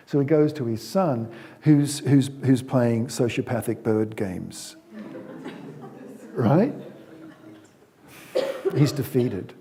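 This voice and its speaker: A man giving a talk to an audience in a warm, mellow voice at a middle pitch. He speaks conversationally, restarts his sentences and repeats words as he goes, and acts out the scenes he retells. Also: measured pace. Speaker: speaker on parenting.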